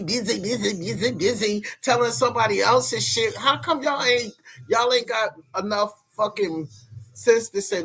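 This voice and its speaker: A man's voice: sits high, a bit bright, breathy edge. A young adult man ranting to camera in a vlog, heated and profane, repeating himself as he goes. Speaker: vlogger.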